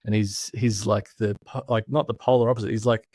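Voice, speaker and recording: A man's voice: on the low side, steady tone, fairly quick, a little mellow, dry recording, clean studio sound. A man in his thirties with an Australian accent, chatting easily as an interview guest, chuckling and thinking aloud. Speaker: podcast guest, branding expert. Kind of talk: casual remote interview chat.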